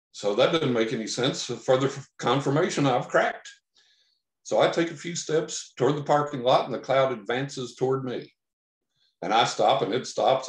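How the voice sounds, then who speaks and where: A man from Texas telling a long personal story as a podcast guest, animated, acting out the lines he quotes. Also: medium pitch. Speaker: podcast guest, psychic investigator. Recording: roomy echo.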